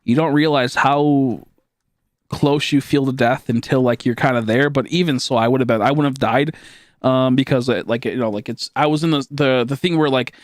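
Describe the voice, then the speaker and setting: A man's voice: mid-range voice, normal speed, no echo, studio quality. A male streamer telling a story in a casual, rambling way while he plays a game. He swears a lot, fills his talk with "like," and keeps laughing at his own tale.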